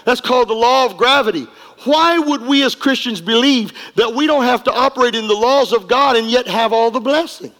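A male pastor preaches a sermon in a church sanctuary, emphatic and repetitive, leading his congregation in call-and-response. His voice is very high-pitched, slightly bright, and a little quick. The recording carries a long hall reverb.

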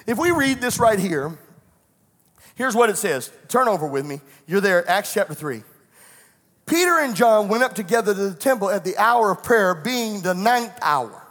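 A man's voice: high-pitched, fairly bright tone, in a large hall. A middle-aged man, a pastor, preaching a sermon that moves from personal storytelling into fervent preaching in a church. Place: church sanctuary.

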